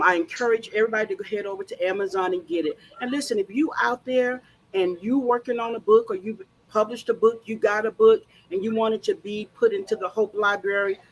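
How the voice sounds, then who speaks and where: A woman hosting a casual show, playful and animated. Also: mid-range voice, low-quality recording. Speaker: host.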